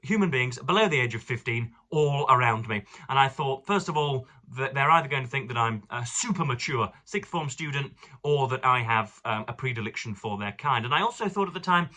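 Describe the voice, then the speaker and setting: A man's voice: mid-range voice, lively intonation, brisk, hardly any pauses, sharp tone. A young man from England rambling through a casual book vlog, digressive and fond of elaborate words. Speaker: book reviewer.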